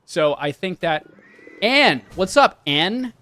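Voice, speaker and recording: A man's voice: high-pitched, very animated, slow, bright, forceful tone. A young man chatting casually and swearing while he streams a game and talks to his chat. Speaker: livestreamer. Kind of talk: casual live game commentary.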